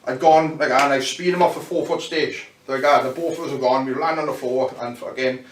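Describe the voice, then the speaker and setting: A man's voice: mid-range voice, fairly even intonation, brisk. A male wrestler and promoter telling a rambling, swear-filled story in a shoot interview, full of restarts and "you know what I mean". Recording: echoey room, mic at a distance, faint noise.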